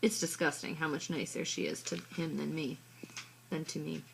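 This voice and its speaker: A woman reading a children's story in the first person, with a soft, even, husky voice. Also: low voice, moderate pace, a little hiss or hum. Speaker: audiobook reader. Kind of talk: storybook narration.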